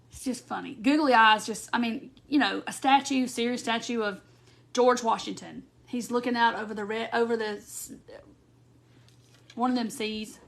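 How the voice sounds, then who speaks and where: A woman's voice: on the high side, creaky, a bit bright. A woman hosting a casual craft live stream, chatting to viewers by name and giggling often as she talks. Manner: giggly, laughs often while talking. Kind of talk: casual live chat reading viewer comments. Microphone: phone or webcam on a live stream.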